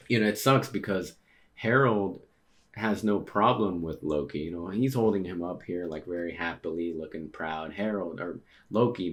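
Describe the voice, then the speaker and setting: A young man reading a manga chapter aloud in a plain voice and stopping to react and comment. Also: sits low. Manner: reads dialogue plainly, breaks off to react with surprise.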